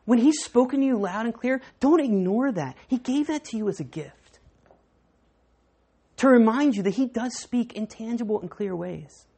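Husky woman preaching with dramatic swings. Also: fairly high pitch, moderate pace. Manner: animated storytelling with dramatic swings. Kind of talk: sermon.

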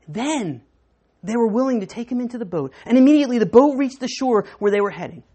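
A female preacher with a husky, breathy, slightly high voice talks fast as she tells her sermon through vivid stories. She swings from hushed tones to soaring ones, and her animated delivery drives each point home dramatically.

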